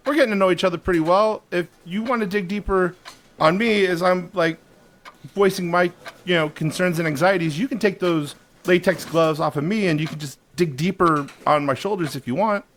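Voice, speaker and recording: A man's voice: high voice, fairly quick, a bit bright, slight background noise. A man co-hosting a podcast, talking hesitantly with many ums in an improv comedy sketch. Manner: hesitant, stammering, lots of ums. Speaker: podcast co-host.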